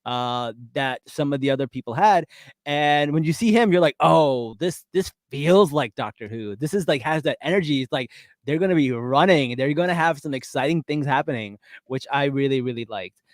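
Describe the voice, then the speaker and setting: A man's voice: a little high, lively intonation, fairly quick, dry recording, clean studio sound. A man co-hosting a podcast, chatting casually and animatedly about a TV episode with many fillers. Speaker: podcast co-host. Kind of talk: casual pop-culture chat.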